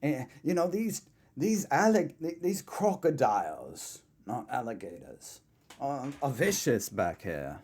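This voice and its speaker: Man doing a brash outback guide, boastful, stumbling patter, swooping lively pitch. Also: a little slow, husky. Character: brash male Australian outback guide, showing off crocodiles.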